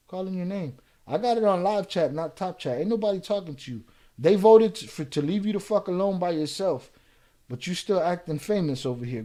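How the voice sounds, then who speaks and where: A man's voice: sits high, warm tone. A man hosting a live reaction stream, reading viewer comments aloud and firing back at a troll with profane, heated rants. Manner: laid-back, explaining points with repeated "you know".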